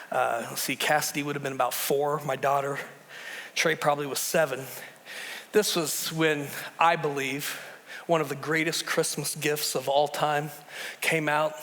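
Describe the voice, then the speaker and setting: A middle-aged man preaching a sermon as pastor in a church, telling stories with lively swings between loud bursts and hushed, slow drops, often repeating words as he builds. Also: a little high. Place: church sanctuary. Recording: long reverb of a large hall.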